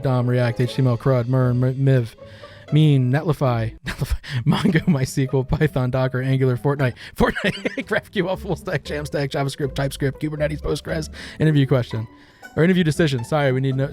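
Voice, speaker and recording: A man's voice: mid-range voice, a little mellow. A middle-aged man hosting a casual meme review, rambling and wisecracking with crude asides. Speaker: host.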